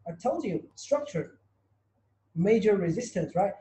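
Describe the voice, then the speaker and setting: A man's voice: high voice, expressive, measured pace, warm tone. A man teaching a trading webinar, repeating himself and asking his students rhetorical questions. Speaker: trading tutor. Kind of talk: online webinar lesson. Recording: roomy echo.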